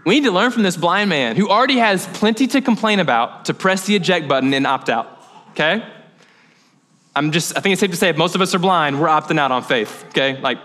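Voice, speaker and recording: A man's voice: high voice, a bit bright. A young man preaching a sermon as pastor, conversational and joking, with off-the-cuff asides.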